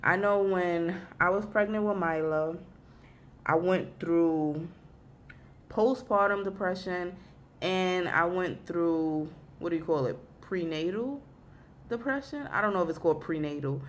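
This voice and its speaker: A young woman vlogs from her desk at home, her voice sitting low and sounding close to tears. She talks in a confessional, rambling way, trailing off and restarting her thoughts. Faint background noise hums under the recording. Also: unhurried. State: weepy, emotional. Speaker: vlogger. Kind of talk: casual vlog chat.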